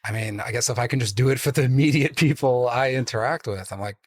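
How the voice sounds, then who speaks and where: A man's voice: medium pitch, fast talker. A man who works as a life coach, musing thoughtfully on a podcast panel and hedging with fillers. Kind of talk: casual panel chat.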